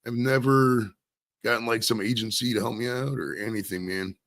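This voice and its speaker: With a steady, fairly bright tone at normal speed, a medium-pitched man from Maine runs his own stream. He chats alone in a casual, meandering way, cursing freely.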